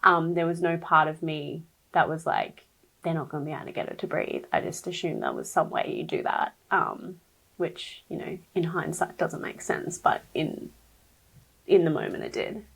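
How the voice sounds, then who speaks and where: A woman's voice: low-pitched, lively intonation, normal speed, creaky, a bit bright, slightly rough, rough recording. A young woman guest on a podcast telling her birth story, candid and emotional, full of fillers and quoted speech. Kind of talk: personal storytelling in an interview.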